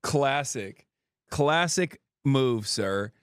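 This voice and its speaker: A man's voice: medium pitch, lively intonation, drawn-out words, clean tone. A man hosting a livestream, reacting to news in a casual, sarcastic, profane, joking way. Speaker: streamer host.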